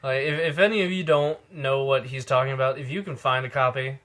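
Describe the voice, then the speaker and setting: A man's voice: medium pitch, fairly even intonation, fairly quick, fairly bright tone. A man co-hosting a podcast in casual chat, laughing often and adding dry quips. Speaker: podcast co-host.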